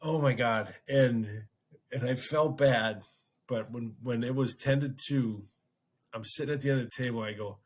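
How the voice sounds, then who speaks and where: A man's voice: medium pitch, moderate pace, breathy edge. A man hosting a podcast, casually telling a story and acting out his own reactions. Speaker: podcast host.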